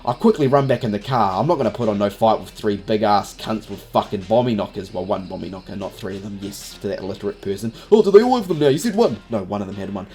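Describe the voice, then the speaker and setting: A man's voice: fairly low pitch, fairly even intonation, fast talker, few pauses, darkish tone, faint music behind. A young man telling a rambling story in a casual vlog, swearing constantly and filling every gap with "you know". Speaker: vlogger.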